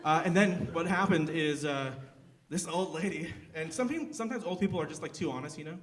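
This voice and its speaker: A man's voice: on the high side, fairly quick. A young man doing a live stand-up set, rambling and self-deprecating, with lots of fillers and restarts. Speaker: stand-up comedian. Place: theater stage.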